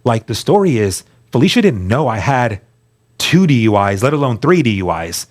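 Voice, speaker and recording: This middle-aged man, a guest on a radio show, tells the story of his life with real earnestness in a medium-pitched, sing-song voice at a moderate pace. He tends to repeat words when emotional and acts out quoted voices.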